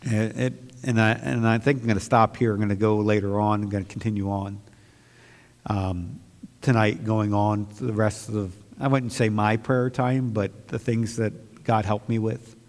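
A man preaching a sermon as pastor to his church, moving from quiet, reflective talk to loud, fervent outbursts. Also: on the low side, level tone, normal speed, in a large hall.

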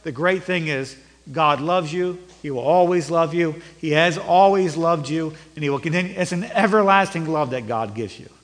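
A middle-aged male pastor preaching a sermon, rising to emphatic peaks and then dropping low and conversational. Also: moderate pace. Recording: long reverb of a church hall.

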